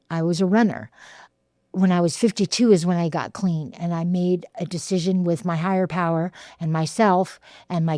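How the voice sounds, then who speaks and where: Woman in her 60s, lowish voice, halting heartfelt testimony, dry close sound. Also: mellow, no echo. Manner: halting, repeats words, many fillers. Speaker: guest sharing her recovery story.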